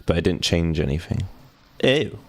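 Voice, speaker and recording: Deep-voiced joking young man streamer. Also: expressive, moderate pace. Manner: joking, sarcastic asides while reading. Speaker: gaming streamer. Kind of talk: casual let's-play commentary, reading game text aloud.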